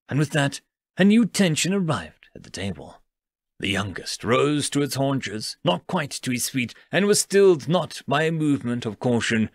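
A man narrating a science fiction story in an expressive, dramatic reading. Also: mid-range voice, normal speed, no echo, clean studio sound. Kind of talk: scripted narration.

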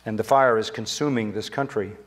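An older pastor preaches in a church sanctuary at a fairly quick pace. His delivery is emphatic, and his voice climbs higher whenever he quotes Scripture.

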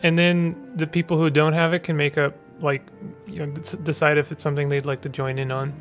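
A man's voice: a little high, flat delivery, a little fast, soft background music. A man streaming a video game, chatting casually with his viewers and making playful, joking asides. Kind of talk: casual gaming commentary.

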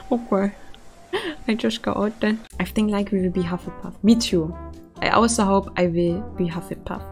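A young woman from Germany, commenting casually on a game she is playing, excitable and quick to swear and laugh. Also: on the high side. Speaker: streamer.

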